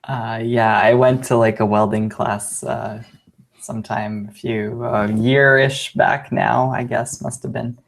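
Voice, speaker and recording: A man's voice: medium pitch, flat delivery, a little slow, vocal fry. Hesitant man searching for words. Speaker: podcast co-host. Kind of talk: casual chat.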